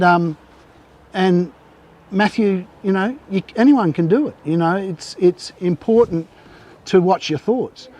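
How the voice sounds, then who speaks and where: A man's voice: high-pitched, darkish tone. A man telling fishing stories in casual, rambling talk, with many restarts. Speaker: guest angler. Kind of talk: casual storytelling on a live show.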